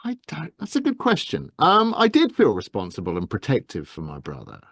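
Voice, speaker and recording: Gentle English man, dry close voice. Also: mid-range voice, huge pitch swings, a little fast, dry recording. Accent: softened Estuary English. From England, Medway Towns south of London. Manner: gentle, self-effacing, many fillers and restarts. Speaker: guest, actor and narrator. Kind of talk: casual interview talk.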